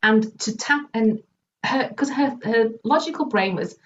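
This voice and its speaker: A woman EFT practitioner and confidence coach, a guest in an interview, explaining her work through lively stories and casual swearing. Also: fairly high pitch, a little slow. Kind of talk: conversational interview answers. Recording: distant, muffled with faint background noise.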